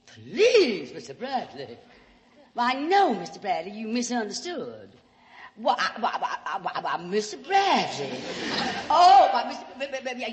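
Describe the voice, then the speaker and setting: A woman's voice: fairly low pitch, long reverb tail. A woman with a Southern US accent playing a brash sixteen-year-old Southern belle, drawling and sugary, on an old radio broadcast. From Alabama.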